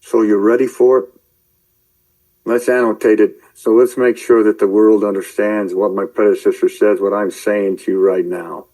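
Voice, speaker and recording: A man preaching in a rambling commentary, shouting angry tirades at his listeners and then muttering to himself as he browses his screen. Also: lowish voice, level tone, normal speed, rough recording. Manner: addresses listeners directly, calling out believers. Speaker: online preacher.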